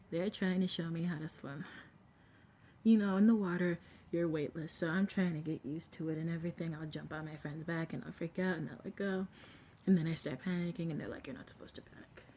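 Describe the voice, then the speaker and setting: A young woman vlogger telling a story in a casual, animated way, sometimes dropping to a whisper. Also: deep voice, slight background noise. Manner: animated, acts out quotes, drops to a whisper at times.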